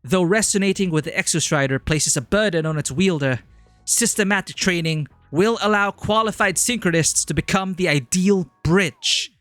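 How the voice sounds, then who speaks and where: A man's voice: sits high, animated, moderate pace, fairly bright tone, dry recording, faint music behind, voice pushed up. Man putting on a stiff British official. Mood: assuring. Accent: generic British, put on. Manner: stiff, declamatory speech reading. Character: formal official presenting a giant mech program.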